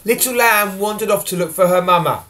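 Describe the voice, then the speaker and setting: A woman reading a picture book aloud to a child at home, animated and asking questions along the way. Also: medium pitch, brisk.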